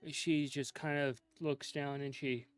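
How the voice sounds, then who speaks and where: A man slowly narrating a dark scene as game master of a tabletop role-playing game, in a hushed, drawn-out storytelling manner. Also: mid-range voice, fairly even intonation, clear, resonant tone.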